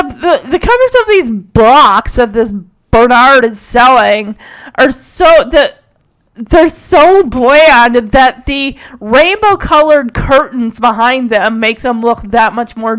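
A woman's voice: lively intonation, unhurried, a bit bright. A woman giving casual, opinionated commentary while reacting to a TV episode. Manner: chatty, opinionated, drifting pitch with mimicry.

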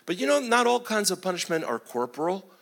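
Middle aged pastor guy telling stories in a sermon, lively voice that jumps all over. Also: sits high, a little fast, gravelly. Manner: animated, chuckling, acts out voices. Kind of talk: sermon storytelling.

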